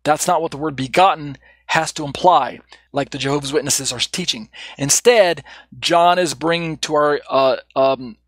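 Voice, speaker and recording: A man's voice: on the high side, moderate pace, dry recording. Man teaching a Bible study, dry sound. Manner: reads quotes aloud, then explains with rhetorical questions.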